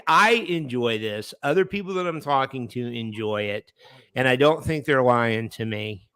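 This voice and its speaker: A man co-hosting a comedy podcast, talking in a loose, rambling way and circling back to his point. His voice is smooth and resonant. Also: mid-range voice, a bit bright, dry recording. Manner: rambling, repeats and restarts, says "man". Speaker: podcast co-host. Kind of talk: casual comedy podcast chat.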